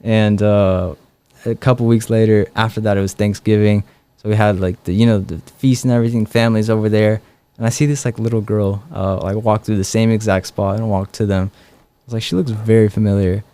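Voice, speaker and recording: A man's voice: lowish voice, a little fast, smooth. A young man, a guest in an interview, telling personal stories casually with lots of "like" and "um". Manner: relaxed, many fillers like "like" and "um".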